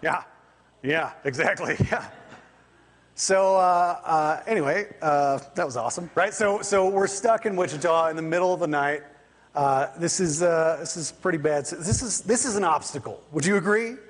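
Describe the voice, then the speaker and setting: A man gives a sermon in a loose, chatty storytelling style, acting out the people in his story as he goes. His voice sits a little high and has a husky edge. A long church reverb trails behind each phrase. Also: moderate pace. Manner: conversational, animated storytelling with quoted voices. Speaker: pastor. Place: church sanctuary.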